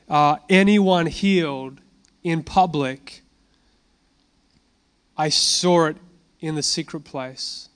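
Animated preacher, fairly high voice. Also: male voice, slow pace, long pauses, clean tone. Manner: animated storytelling, casual asides. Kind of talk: sermon with testimony.

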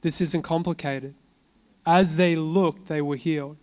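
A man's voice: fairly high pitch, fairly even intonation, measured pace. A man giving an informal sermon, telling personal testimony in a conversational way and asking and answering his own questions. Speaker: preacher.

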